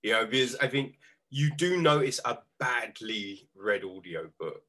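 A man hosting a podcast, chatting in a relaxed, casual way. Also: medium pitch, a little slow. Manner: relaxed, casual, swears lightly. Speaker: podcast host. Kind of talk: casual conversation.

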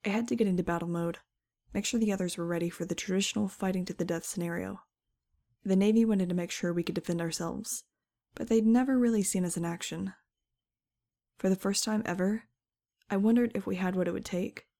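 Gravelly-voiced woman narrating an audiobook. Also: mid-range voice, fairly quick, warm tone. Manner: wry, conversational. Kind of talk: first-person scripted narration.

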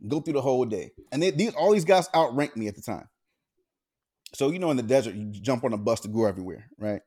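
A man's voice: medium pitch, expressive, quick pace, warm tone, breathy edge. Profane storytelling podcast co-host, man. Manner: profane, laid-back storyteller. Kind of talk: casual chat, storytelling.

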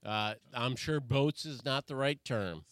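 A man guest on a podcast, telling a story among friends in a relaxed way and laughing easily. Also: medium pitch, unhurried, dry recording. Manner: laid-back, laughing. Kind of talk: casual storytelling.

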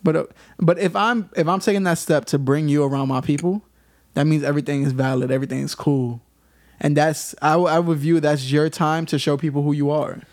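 A man's voice: a little high, steady tone, brisk. A young man hosting a casual podcast chat, loose and storytelling, laughing often.

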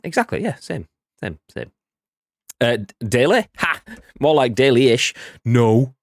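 A man's voice: medium pitch, very animated, measured pace, no echo, studio quality. A man co-hosting a video game podcast, joking and bantering casually and swearing freely. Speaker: podcast co-host. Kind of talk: casual live-stream chat.

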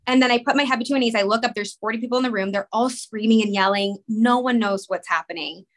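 A woman in her thirties, a guest on a talk show, telling an emotional personal story in a rushed, rambling way full of "like". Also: fairly high pitch. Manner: rushed, rambling, many "like" fillers. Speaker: podcast guest, mother.

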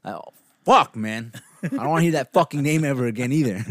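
A man's voice: mid-range voice, quick pace, darkish tone, no echo, clean studio sound. An American man co-hosting a podcast, talking bluntly about a film with constant swearing and frequent laughter. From United States. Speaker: podcast co-host. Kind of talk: casual film review chat.

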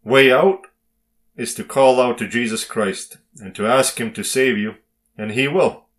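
Slow, measured male Bible teacher. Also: medium pitch. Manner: slow, emphatic reading with dramatic pauses. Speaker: preacher. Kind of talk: devotional Bible reading and sermon.

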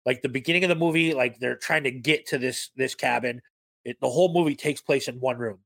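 A man's voice: medium pitch, brisk, vocal fry, fairly bright tone, no echo. A man co-hosting a podcast, talking about movies with energy and plenty of swearing. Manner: enthusiastic, profane, quotes scenes in put-on voices. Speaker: podcast co-host. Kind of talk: casual film chat.

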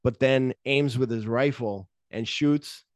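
A man's voice: medium pitch, takes it slowly, no echo, clean studio sound. A man co-hosting a podcast, retelling film scenes in a loose, rambling way with plenty of swearing. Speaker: podcast co-host. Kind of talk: casual movie-discussion chat.

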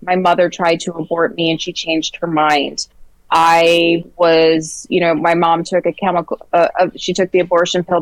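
A woman guest speaking in an earnest, halting way, with frequent fillers and restarts as she tells stories in a casual interview. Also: lowish voice, dry recording, rough recording.

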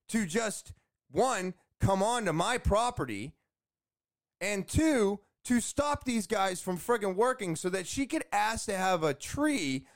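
High-voiced man ranting to camera. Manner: animated, exasperated, swears often. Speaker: vlogger telling a story. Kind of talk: casual storytelling to camera. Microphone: camera facing speaker.

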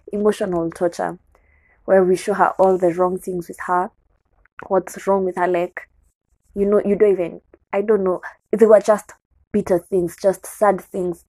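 A woman's voice: on the low side, dark tone, slightly rough, no room sound, low-quality recording. A young adult woman with a Kenyan accent candidly tells a personal story on her show, slipping into Swahili words. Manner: candid, code-switching into Swahili.

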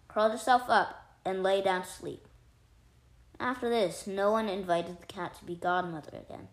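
Woman reading a fairy tale aloud. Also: mid-range voice. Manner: calm, measured storytelling. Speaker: storyteller. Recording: roomy echo.

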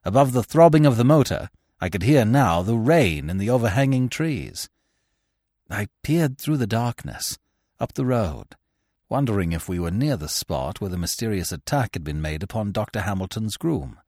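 A man narrating a classic novel as podcast host in an expressive, theatrical storytelling manner. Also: on the low side, normal speed, no echo, clean studio sound. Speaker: audiobook narrator. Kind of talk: scripted dramatic narration.

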